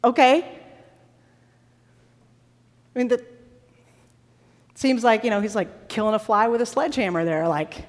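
A woman preacher giving a sermon in a large worship hall, with an animated and dramatic delivery. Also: sits high, fairly quick, a little hiss or hum. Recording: long reverb of a large hall.

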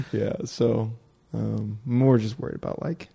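A man's voice: medium pitch, big pitch swings, slow, gravelly, mellow, slightly rough. A man hosting a podcast, talking casually and rambling, with lots of fillers and quoted asides. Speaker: podcast host. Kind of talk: casual conversation.

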